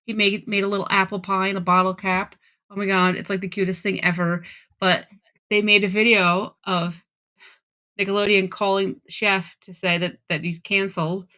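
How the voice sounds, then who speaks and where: A woman's voice: mid-range voice, little pitch movement, normal speed, bright, forceful tone. A woman co-hosting a podcast in casual chat, telling stories in a gushing, giggly way. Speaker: podcast co-host.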